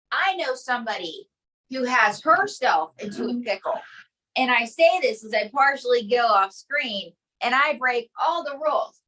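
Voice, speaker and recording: A woman ventriloquist working the crowd with showy, chatty emcee patter. Her voice is high. She sits a little away from the mic. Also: fairly bright tone, distant mic, rough recording. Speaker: ventriloquist comedian. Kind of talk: comedy stage patter.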